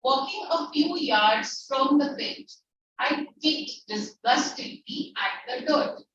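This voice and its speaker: A woman's voice: high-pitched, animated, slow, a bit bright. A woman tutor with an Indian English accent who reads a story passage aloud and explains it line by line, slipping into Hindi. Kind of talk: online class lecture, reading and explaining a text. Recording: distant, echoey, muffled online lecture recording with faint noise.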